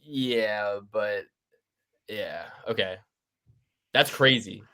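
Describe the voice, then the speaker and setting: A man's voice: lowish voice, drawn-out words, pushed and bright. A man co-hosting a casual podcast chat, ranting and mocking with plenty of profanity. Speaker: podcast co-host.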